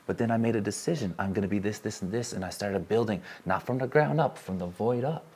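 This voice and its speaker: A man giving an earnest, emotional talk to a live audience from a stage, repeating phrases as he builds intensity and then softens. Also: on the low side, fast, slightly rough. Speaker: workshop speaker.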